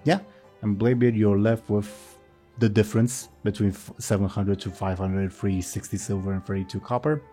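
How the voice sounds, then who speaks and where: Low, mellow-voiced male game master. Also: steady tone, normal speed, faint music behind. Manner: rambling, self-correcting, casual. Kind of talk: narrating a tabletop game.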